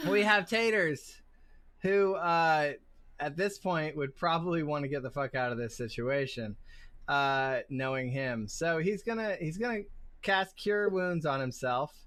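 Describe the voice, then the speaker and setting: A man's voice: a little high, pushed and bright, dry recording. A man narrating a tabletop game as game master, loose and chatty, swearing casually.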